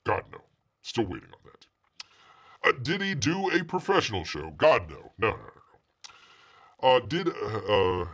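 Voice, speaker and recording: A man's voice: mid-range voice, a bit bright. A man hosting a live stream, chatting casually, joking and rambling, and speaking of himself in the third person. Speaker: livestream host.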